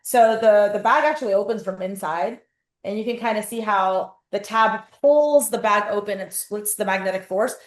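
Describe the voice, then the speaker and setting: A woman guest telling stories in a casual interview over a video call, acting out her own quotes with lively energy. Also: mid-range voice, moderate pace. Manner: animated storyteller, acts out her own quotes. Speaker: guest, company founder. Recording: roomy echoey sound.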